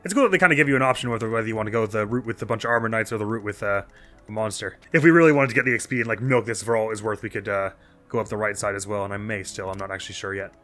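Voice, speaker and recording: A man's voice: lowish voice, racing, a bit bright, soft background music. A man casually commenting on his own video game as a let's play host, thinking aloud with chatty, self-mocking asides.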